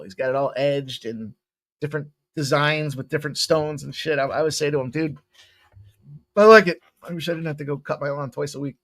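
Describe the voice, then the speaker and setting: A man's voice: fairly high pitch, a bit bright. A man hosting a sports betting show, rambling and joking through his picks and swearing casually.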